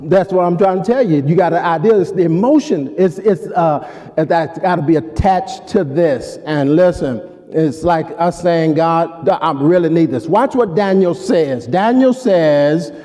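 A male pastor delivers an emphatic sermon, calling out to his congregation as he speaks. His voice sits a bit high but sounds mellow and warm. A long reverb rings through the church hall. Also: measured pace.

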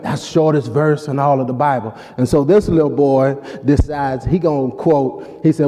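A man's voice: medium pitch, fairly even intonation, normal speed, hardly any pauses, warm tone. A male pastor preaching a sermon, emphatic and calling out to the congregation. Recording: long hall reverb.

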